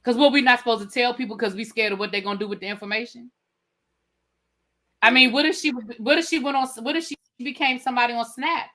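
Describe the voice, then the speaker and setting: A woman's voice: on the high side, fast talker. A woman with a Washington DC accent, telling stories in a casual, slangy chat as a podcast co-host. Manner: animated storytelling, slangy, acts out her own past remarks.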